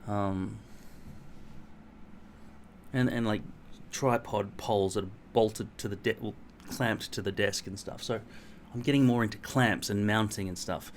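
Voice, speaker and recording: A man's voice: on the low side, steady tone, unhurried, slight background noise. A middle-aged Australian man vlogging at home in a rambling, blunt, self-mocking way, swearing freely. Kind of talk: casual rambling monologue to camera.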